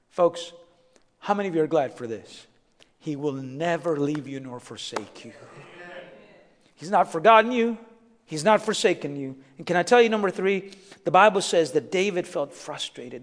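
A man preaching a sermon, moving from a soft, quiet story to emphatic preaching. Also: a little high, long reverb tail.

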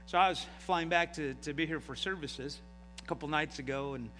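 A middle-aged man preaching a sermon as pastor, animated and full of rhetorical questions. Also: a little high, a little fast. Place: church sanctuary. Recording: hall reverb, faint noise.

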